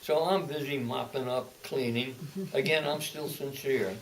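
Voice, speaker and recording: A man's voice: mid-range voice, fairly even intonation, distant mic, poor audio. Brief: old man in his eighties, oral-history storyteller, stop-start delivery, mic set back with faint hiss. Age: 80s. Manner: halting, repeats words and restarts, then speeds up. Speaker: interviewee, veteran. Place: home, indoors.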